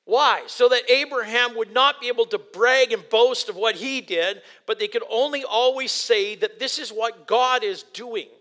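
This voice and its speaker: High, bright-voiced excitable male preacher. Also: moderate pace, few pauses. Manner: animated, excitable, many restarts, bursts of loud exclamation. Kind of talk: sermon.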